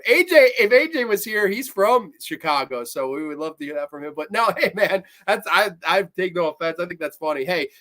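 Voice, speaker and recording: A man's voice: on the high side, a bit bright. Man, livestream host, heated profane rant, casual chat, reads viewer comments. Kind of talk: live movie review chat.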